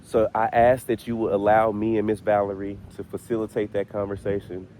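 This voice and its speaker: Laid-back man, low voice. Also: little pitch movement, brisk, dark tone, a little hiss or hum. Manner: laid-back, chatty, laughs often. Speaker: paranormal vlogger. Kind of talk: casual spoken vlog. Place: outdoors in a city cemetery.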